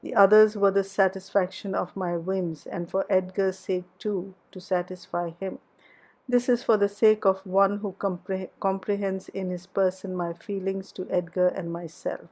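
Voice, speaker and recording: A woman's voice: medium pitch, steady tone, a little slow, darkish tone, low-quality recording. A woman voicing a passionate, headstrong young woman in love, in an audiobook reading of a classic novel. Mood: earnest.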